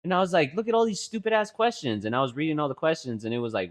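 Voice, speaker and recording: A young man co-hosting a casual podcast, telling stories with a lot of swearing and rising to loud, laughing outbursts. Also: fairly high pitch, expressive, racing. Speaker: podcast co-host. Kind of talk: casual storytelling chat.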